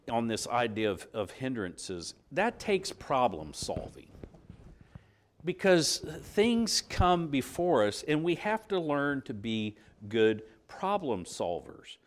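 Guy preaching a sermon, midrange voice, kinda halting, keeps asking the crowd stuff like "don't we?". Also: medium pitch. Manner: asks the listeners rhetorical questions; halting, circles back mid-sentence. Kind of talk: conversational sermon.

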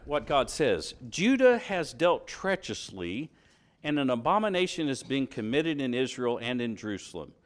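A middle-aged man with a medium-pitched voice preaches a sermon, reading scripture aloud and asking his congregation questions.

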